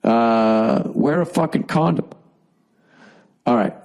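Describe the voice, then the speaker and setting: A man's voice: medium pitch, slow, a little mellow, low-quality recording. A man hosting a podcast, reading a listener email and giving blunt, profane advice in a rambling comedic rant with a Boston accent, while fighting a cough.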